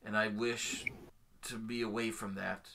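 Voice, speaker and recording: A man giving voice to a remorseful woman warrior from a tabletop fantasy game, speaking slowly, stiffly and formally. The tone is low and bright with a very flat melody, and faint noise sits behind it. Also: creaky. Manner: slow, solemn, formal speech. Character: woman reformed from an evil past.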